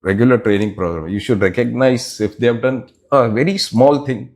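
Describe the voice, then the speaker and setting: A middle-aged man, answering interview questions as a business unit head in a measured, explanatory way with pauses between phrases. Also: medium pitch, darkish tone.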